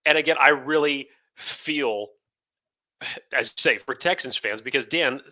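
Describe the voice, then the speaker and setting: A man's voice: medium pitch, a little slow, pushed and bright. A man co-hosting a sports podcast in casual chat, laughing at bad news. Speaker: podcast co-host.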